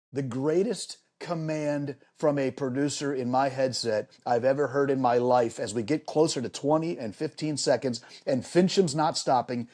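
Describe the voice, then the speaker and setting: A middle-aged man, a sports broadcaster, telling lively anecdotes as a guest on a podcast and repeating phrases for emphasis. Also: medium pitch. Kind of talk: animated storytelling in a podcast interview.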